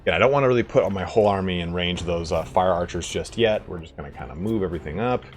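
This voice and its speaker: A man's voice: low-pitched, fast talker, a little hiss or hum. A man hosting a gaming video, giving loose, rambling let's-play commentary, swearing freely and chuckling often. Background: faint game music.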